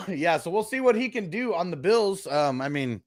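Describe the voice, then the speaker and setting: A man's voice: high voice, very animated, moderate pace. A man co-hosting a live fantasy football show, reading out player stats and viewer comments in a casual way. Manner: reads out stats and chat comments, laughs easily. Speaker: fantasy football podcast co-host. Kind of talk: casual live-stream sports chat.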